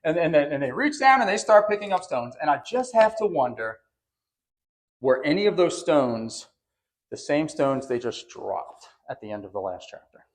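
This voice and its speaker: A man's voice: a little high, very animated, moderate pace. A male pastor preaching a sermon in a church, with a conversational but emphatic delivery that leans on repeated phrases. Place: church sanctuary.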